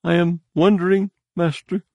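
A man voicing a whimpering male outcast servant who stammers and pleads in a high, husky put-on voice. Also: little pitch movement, moderate pace, a little mellow, no echo, dull audio. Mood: fearful pleading.

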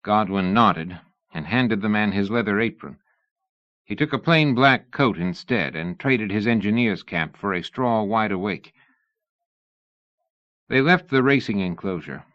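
A man giving steady scripted audiobook narration in a dull lo-fi recording. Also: lowish voice, measured pace, no echo.

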